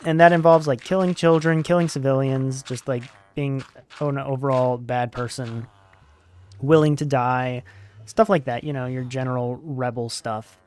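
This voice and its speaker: A man's voice: medium pitch, moderate pace. A young man hosting a gaming channel, rambling casually with lots of fillers as he plays and sums up a book. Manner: rambling, relaxed, many "like" fillers. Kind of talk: casual gameplay commentary and book summary.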